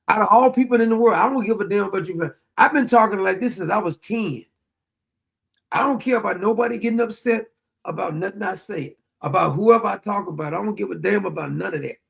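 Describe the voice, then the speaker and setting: A man's voice: high voice, vocal fry. A man hosting a political commentary show, talking bluntly and defiantly in a profane, unscripted rant and often repeating himself.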